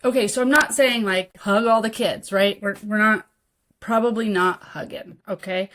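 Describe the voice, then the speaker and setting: A woman's voice: mid-range voice, steady tone, moderate pace, fairly bright tone. A woman in her thirties, a podcast host and mentor trainer, talking casually and checking in with "okay?" and "right?". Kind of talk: casual teaching talk.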